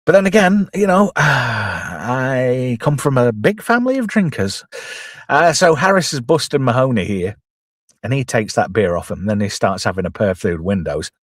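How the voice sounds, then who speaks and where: A man's voice: mid-range voice, big pitch swings, normal speed, dry recording, clean studio sound. A middle-aged man, giving jokey, casual commentary on a film and reading out chat messages. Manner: chatty, jokey, quotes characters in put-on voices. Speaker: host.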